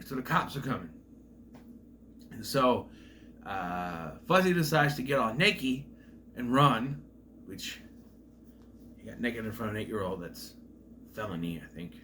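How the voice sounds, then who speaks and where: A man talks through a film's plot in a casual, rambling way, stopping and restarting as he goes. His voice rises and falls a lot, and his tone is bright and forceful. There is a faint hum of noise behind him. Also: fairly low pitch, animated, a little slow, long pauses. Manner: voices characters with loud exaggerated quotes. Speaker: film reviewer. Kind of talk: casual movie plot recap.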